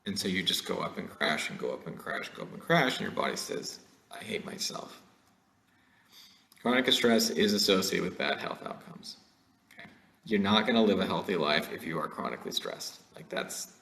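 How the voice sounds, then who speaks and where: A low-voiced man with a gravelly edge gives an online lecture in a loose, conversational way. His pitch rises and falls widely as he keeps checking in with his listeners. The sound is roomy, with an echo around his voice. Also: sharp tone. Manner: conversational, frequent "right?" and "like", jokey asides.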